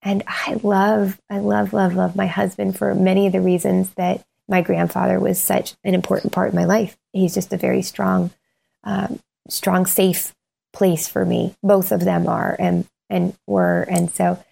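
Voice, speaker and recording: A woman co-hosts a podcast in a casual chat, her mid-range voice warm, unhurried, and creaky with vocal fry, its pitch barely moving. She speaks from the heart and rambles, full of fillers and false starts, tearful and sometimes crying.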